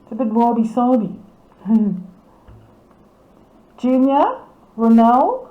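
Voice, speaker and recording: A woman's voice: a little high, very animated, takes it slowly, roomy sound, dull audio. A woman, casually commenting on club photos as she reads out titles and names, amused and laughing often. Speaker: camera club presenter.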